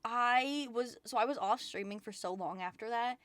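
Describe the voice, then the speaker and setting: A woman VTuber chatting casually on a livestream, rambling excitedly and swearing often. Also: on the high side, normal speed, no room sound. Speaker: VTuber streamer.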